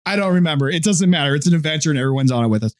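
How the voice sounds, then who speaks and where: A man co-hosting a gaming podcast tells crude, teasing stories, swearing and laughing frequently in a casual way. He talks at a racing pace in a slightly high voice with lively intonation.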